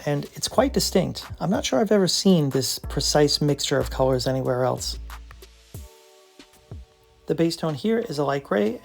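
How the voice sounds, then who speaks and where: A gravelly-voiced presenter narrates from a script at an ordinary mid pitch. The delivery is enthusiastic and admiring throughout. Soft background music plays faintly behind the voice. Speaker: brand presenter.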